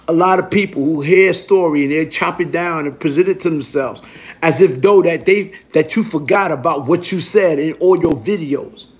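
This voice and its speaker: Middle-aged new york guy, high voice, cursing street slang storytelling. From Brooklyn, New York. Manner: streetwise, profane, keeps asking "you heard?". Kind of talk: casual storytelling monologue.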